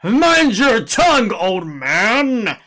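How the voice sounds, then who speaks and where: A man's voice: high-pitched, big pitch swings, very slow, voice pushed up, exaggerated voice. A man doing a barking, bullying town guard. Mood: commanding. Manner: barking orders, loud and menacing. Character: stern male town guard, bullying and threatening. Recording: game music playing clearly behind.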